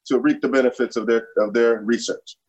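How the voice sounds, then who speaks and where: A man co-hosting a podcast who chats in a relaxed, agreeable way during an ad. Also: mid-range voice, fairly quick, dull audio. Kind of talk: casual ad banter.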